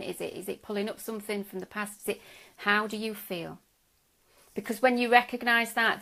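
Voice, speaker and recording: Middle-aged woman, stress coach, gentle reassuring talk, gravelly fry, mid pitch. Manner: gentle and reassuring, often checks in with "okay?", restarts sentences. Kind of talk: live video talk to viewers.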